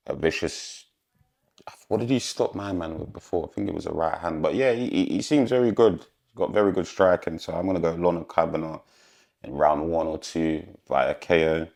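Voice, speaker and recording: A man with a very low voice, rough with vocal fry, talks through his fight predictions. He rambles loosely and stalls on ums as he goes. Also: darkish tone. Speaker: MMA predictions YouTuber.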